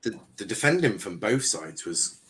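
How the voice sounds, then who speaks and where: A man's voice: lowish voice, big pitch swings, normal speed, fairly bright tone, slight background noise. A man hosting a casual football panel show, talking with plenty of ums and blunt banter. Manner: hesitant, lots of fillers, blunt banter. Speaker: host.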